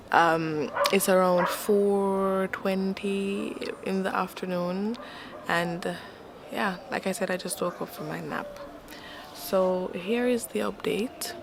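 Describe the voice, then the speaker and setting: A young woman recording a casual video diary at home while sick, her voice stuffy and raspy, talking frankly and with exasperation. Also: medium pitch, noisy background. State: stuffy, hoarse from illness. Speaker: vlogger. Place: at home by a window.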